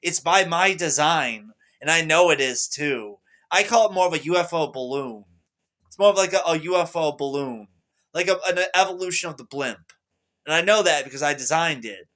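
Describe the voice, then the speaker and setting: A young man rambling boastfully to camera, excitable, swinging between loud bursts and mutters. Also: fairly high pitch, normal speed. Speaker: vlogger.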